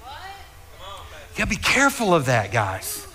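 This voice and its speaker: Fervent pastor guy, high bright voice, keeps repeating himself, long echo like a big church. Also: huge pitch swings, takes it slowly. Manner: fervent, repeats words, speaks straight to the congregation. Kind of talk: sermon. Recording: long reverb of a large hall.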